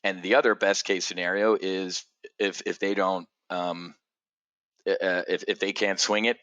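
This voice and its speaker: An animated middle-aged man holds forth in a casual monologue. His voice is forceful and bright, with a lowish pitch. The sound is dry and close. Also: measured pace, no room sound, highs cut off. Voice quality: animated, swears freely, acts out others' voices in high pitch. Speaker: trading community host.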